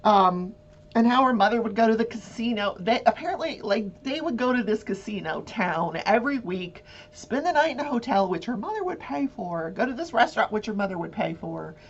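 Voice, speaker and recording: A woman hosting a talk show, giving casual true-crime commentary in an animated way and acting out voices. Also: a little high, brisk, slightly rough, lo-fi sound. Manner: animated, acts out voices and swears.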